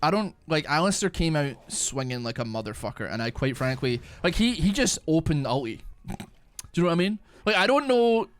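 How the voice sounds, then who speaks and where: A man's voice: a little high, sing-song, brisk, no room sound, faint music behind. A young man streaming a game live, chatting casually, rambling with frequent restarts and plenty of swearing. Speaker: gaming streamer. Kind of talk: casual live-stream chat while gaming.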